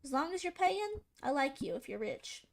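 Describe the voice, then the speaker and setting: A young woman with a high voice chats casually through a game, teasing and sassing the characters on screen. Her commentary is playful, quick to joke and quick to complain. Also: big pitch swings. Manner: playful, sassy, talks back to game characters. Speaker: gaming channel host.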